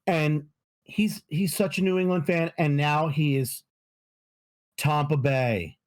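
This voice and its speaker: Man, high voice, profane sports ranter, casual podcast co-host. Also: slow pace. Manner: profane, ranting, animated.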